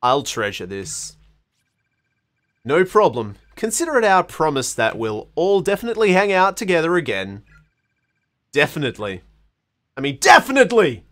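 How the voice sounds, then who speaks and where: A man's voice: fairly high pitch, big pitch swings, moderate pace, fairly bright tone. Playful Australian man reading game lines. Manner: playful, jokey, reads every character's lines in put-on voices. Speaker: game streamer. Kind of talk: live game playthrough, reading dialogue aloud.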